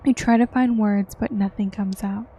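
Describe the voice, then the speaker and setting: A young woman streaming a horror game let's-play has a medium-pitched, fairly even, mellow and husky voice. She reads the game's text slowly, then yelps and giggles in reaction.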